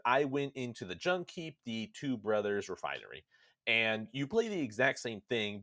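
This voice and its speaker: A man hosting a podcast, recapping a video game story with animated storytelling and jokey asides. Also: medium pitch, dry recording, studio quality. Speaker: podcast host.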